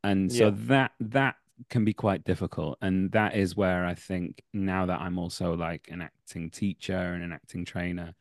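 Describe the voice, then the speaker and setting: A young man with a low voice and a Manchester accent tells backstage stories with lively energy. The recording is dry and close, with almost no room sound. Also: moderate pace, no room sound. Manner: animated anecdotes, laughs mid-story. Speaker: actor and acting teacher. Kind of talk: casual podcast interview, storytelling.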